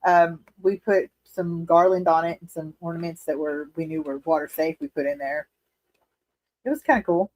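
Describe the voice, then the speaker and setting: A woman's voice: fairly low pitch, darkish tone, dry recording, rough recording. A woman hosting a casual livestream from her living room, chatting candidly with viewers, laughing often and swearing freely. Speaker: livestream host reading chat. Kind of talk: casual chat.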